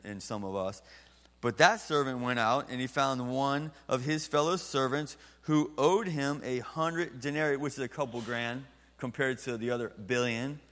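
A man's voice: medium pitch, fairly bright tone. Preacher man in a reverberant church. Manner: earnest, slows down to stress key lines. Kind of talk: sermon and closing prayer. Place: church sanctuary.

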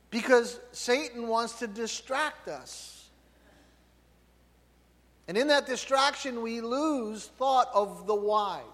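Emphatic preacher man in a reverberant hall. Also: high voice. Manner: loud, emphatic, tag questions. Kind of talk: sermon.

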